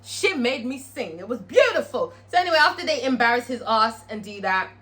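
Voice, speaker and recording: A woman's voice: on the high side, very animated, fairly quick, very noisy. A young woman recapping a TV episode in a blunt, profane, sassy storytelling manner. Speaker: TV episode reviewer.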